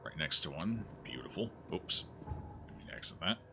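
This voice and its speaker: A man's voice: sits low, animated, moderate pace, over music. A man streaming a horror game, joking and thinking aloud as he plays. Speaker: gaming streamer. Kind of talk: casual let's-play commentary.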